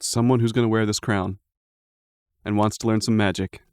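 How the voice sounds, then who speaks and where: Low-voiced man running a tabletop game. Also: fairly even intonation, clean tone, no room sound, clean studio sound. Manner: easygoing, unhurried narration with fillers. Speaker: dungeon master.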